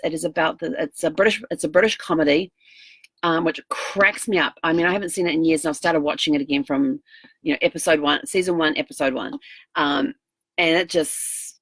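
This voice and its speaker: A woman's voice: on the low side, no echo. A middle-aged woman chatting casually in a daily video diary, rambling and laughing easily. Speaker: vlogger.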